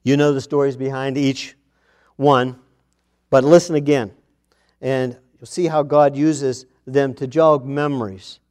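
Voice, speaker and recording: A male pastor preaching a morning sermon, reading scripture aloud with emphasis and swinging between loud declarations and hushed asides. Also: mid-range voice, flat delivery, measured pace.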